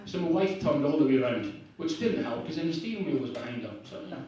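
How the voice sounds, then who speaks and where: Self-deprecating Scottish comic in an echoey bar. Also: male voice, fairly high pitch, animated, fast talker, mellow, dull audio, slight background noise. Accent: northeast Scottish. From Scotland. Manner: rambling and self-deprecating, with many fillers. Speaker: stand-up comedian. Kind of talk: stand-up comedy set. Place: bar open mic night. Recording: echoey bar heard from a distance.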